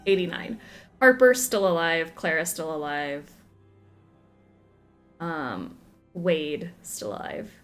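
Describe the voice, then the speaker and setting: Faint music plays beneath this low, expressive, fairly bright voice, which moves slowly and pauses often. She's a young game streamer from the Southern United States, chatting casually through a let's-play, giggly and second-guessing her choices.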